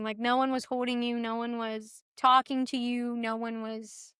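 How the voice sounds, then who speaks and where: A young woman guest telling her story in a casual chat, animated and full of fillers, acting out what others said. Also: on the high side, moderate pace, smooth, dry recording, clean studio sound. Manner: animated retelling, acts out others' dialogue; filler-heavy, restarts often. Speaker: podcast guest.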